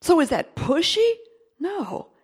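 A middle-aged woman giving a sermon testimony, swinging between loud emphatic bursts and quiet, confiding asides. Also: very high voice, very animated, takes it slowly.

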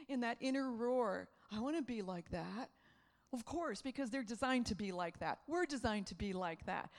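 A middle-aged woman delivers a sermon with a slightly high voice. She is animated and laughs often, acting out the voices in her stories. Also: moderate pace. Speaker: preacher.

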